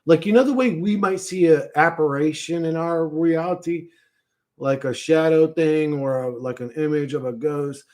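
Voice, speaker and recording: A man telling a strange vision in a rambling casual monologue, halting, swearing often and losing his thread. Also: on the high side, darkish tone. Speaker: streamer recounting a vision.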